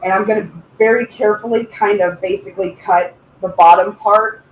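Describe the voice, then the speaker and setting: A woman's voice: mid-range voice, fairly even intonation, brisk. A woman co-hosts a casual craft livestream, greeting viewers in a playful, sing-song way. Her voice carries a roomy echo, with faint noise underneath. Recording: echoey room with faint noise.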